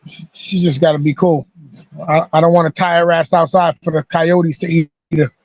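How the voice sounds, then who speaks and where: A man hosting a casual video call, telling stories in an animated, profane way. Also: a little high, normal speed, dry recording. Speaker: host. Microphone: video call mic.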